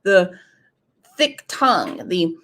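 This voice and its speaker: A woman's voice: lowish voice, lively intonation, slow, a bit bright. A woman hosting a true crime commentary show, opinionated and full of rhetorical questions. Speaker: host.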